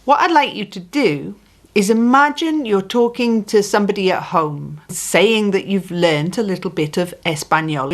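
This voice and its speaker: A woman teaching a beginner language lesson, saying phrases slowly and patiently and repeating them clearly. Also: mid-range voice. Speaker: Spanish teacher.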